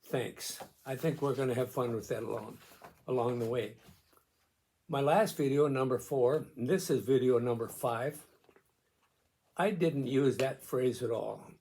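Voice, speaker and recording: A man in his nineties talks straight to the camera at a slow, unhurried pace. His voice is gravelly and his delivery gentle and halting, full of pauses. He reads his own words softly and carefully. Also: medium pitch, a little hiss or hum. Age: 90s. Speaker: video host on memory loss and caregiving. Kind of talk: slow personal reflection to camera.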